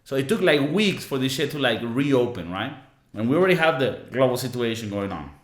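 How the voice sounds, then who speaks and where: A young man co-hosting a podcast, venting in a casual, profane rant and mocking people with quick impressions. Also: mid-range voice, very animated. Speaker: podcast co-host. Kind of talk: casual ranting monologue. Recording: echoey room.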